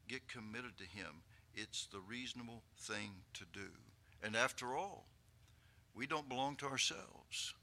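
An older male preacher delivers a sermon in a sharp, bright voice that carries well. He climbs to loud, impassioned peaks and slips in chuckling asides to the congregation. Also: mid-range voice, gravelly.

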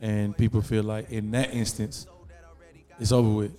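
A man's voice: lowish voice, level tone, moderate pace, dark tone, soft background music. A man in casual group chat, talking in a reflective, slangy way.

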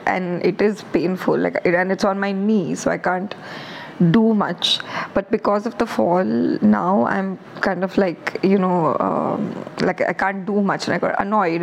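A woman's voice: mid-range voice, creaky, a little mellow, slight background noise, low-quality recording. A woman hosting her own podcast, talking on her own in a candid, rambling, self-reflective way. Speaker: podcast host. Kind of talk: casual solo podcast monologue.

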